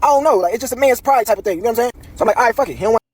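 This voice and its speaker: A young man with a husky voice who tells a personal story time in a rapid, animated, slang-heavy way. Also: extremely high pitch, no room sound.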